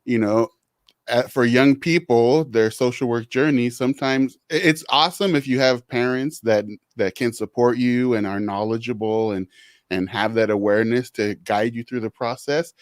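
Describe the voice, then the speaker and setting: A man's voice: mid-range voice, no echo, studio quality. A middle-aged man hosting a podcast interview, talking in a reflective, supportive way. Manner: reflective, supportive, quick laughs. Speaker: podcast host.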